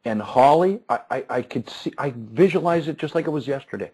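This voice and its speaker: Husky man telling stories, chuckling. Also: fairly high pitch, animated, fairly quick, mellow, poor audio. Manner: chuckling, restarts and repeats words. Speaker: success coach and speaker. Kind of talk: animated storytelling interview.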